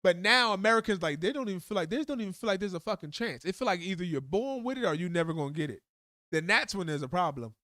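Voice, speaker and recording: A man's voice: high-pitched, expressive, fast, pushed and bright, no room sound, clean studio sound. A man hosting a live stream, giving blunt, heated commentary full of swearing. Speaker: livestream host. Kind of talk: profane live commentary rant.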